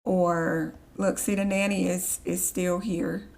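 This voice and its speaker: Woman streamer, gravelly just-woke-up voice, slow rambling chat. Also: lowish voice, flat delivery, darkish tone. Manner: chatty, rambling, easily annoyed. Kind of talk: casual live-stream gameplay chat.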